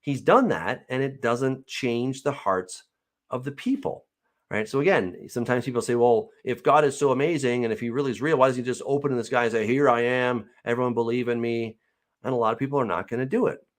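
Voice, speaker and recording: A man's voice: mid-range voice, brisk. Chatty male Bible teacher. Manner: reads scripture aloud, then explains it in a lively, chatty way with light laughs. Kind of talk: casual verse-by-verse Bible teaching.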